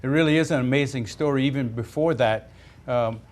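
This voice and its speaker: Measured, thoughtful male guest. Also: mid-range voice. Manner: measured, thoughtful, recalls carefully. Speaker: studio guest, former player. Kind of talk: reflective sports talk.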